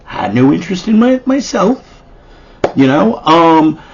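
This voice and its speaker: A man's voice: a little high, very animated, measured pace, husky, lo-fi sound. A man telling rambling, profane stand-up stories about himself, often stammering through restarts. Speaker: stand-up comedian. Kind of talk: stand-up storytelling.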